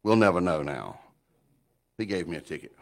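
A middle-aged man preaching a sermon in an animated, folksy way, often repeating words as he builds up. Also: low voice, moderate pace, creaky, a little hiss or hum. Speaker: pastor.

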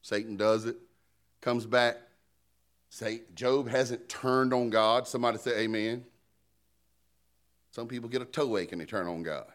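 A man's voice: mid-range voice, fairly even intonation, measured pace, pauses often, fairly bright tone. A man preaching a sermon in a conversational, joking style, calling out to the congregation for responses and an amen. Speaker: pastor.

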